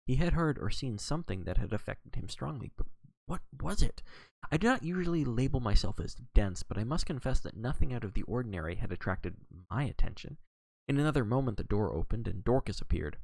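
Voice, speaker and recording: A man reading a classic mystery aloud as a first-person audiobook narration, in a steady, plain storytelling manner. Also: mid-range voice, fast, vocal fry, no room sound. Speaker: audiobook reader.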